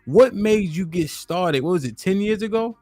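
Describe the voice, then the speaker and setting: A man's voice: sits high, lively intonation, normal speed, darkish tone, no room sound. A man hosting a podcast interview in a casual, laid-back way, loose with slang and filled with "you know" and "um". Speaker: podcast host. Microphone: studio dynamic microphone.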